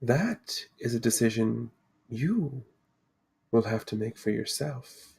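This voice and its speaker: A man voicing a calm, cryptic ancient female spirit who watches over fate, speaking slowly and solemnly. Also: medium pitch, vocal fry, slightly rough, exaggerated voice. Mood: serene. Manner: slow, measured, solemn pronouncements.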